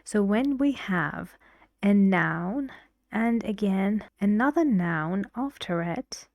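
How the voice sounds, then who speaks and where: A woman's voice: medium pitch, lively intonation, slow pace, darkish tone, no room sound, studio quality. A woman teaching an English pronunciation lesson, explaining stress rules patiently with examples.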